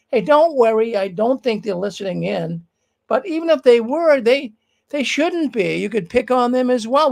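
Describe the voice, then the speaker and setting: Male livestream host, casual emphatic commentary, fry in the voice. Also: very high voice, expressive, moderate pace, darkish tone, low-quality recording. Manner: emphatic, talks straight to the viewers. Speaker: livestream news show host. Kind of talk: casual live commentary on news.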